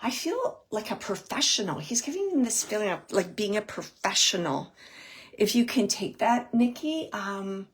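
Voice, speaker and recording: A woman working as a psychic medium, giving a live reading in a soft, hesitant way, with many pauses, and repeating words as she relays messages. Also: mid-range voice, very animated, husky. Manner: repeats words and phrases for emphasis. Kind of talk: live spirit reading for an audience member.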